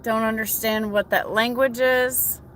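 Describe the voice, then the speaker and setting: A woman's voice: on the high side, steady tone, measured pace, a bit bright, slight background noise. An American woman hosting a casual morning coffee chat from her truck cab, greeting viewers by name. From United States. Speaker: trucker livestream host.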